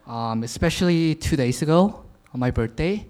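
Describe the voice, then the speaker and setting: A man's voice: fairly high pitch, lively intonation, normal speed, darkish tone. A man in his twenties giving an informal sermon, casual, with lots of filler words and frequent chuckles. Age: 20s. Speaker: youth speaker sharing a message.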